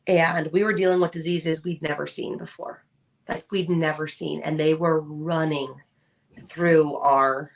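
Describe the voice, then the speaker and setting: A woman co-hosting a podcast, chatting casually and telling lively stories, acting out the people she quotes. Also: low voice, distant mic. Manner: animated storyteller, acts out quoted voices. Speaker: podcast co-host. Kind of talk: casual chat.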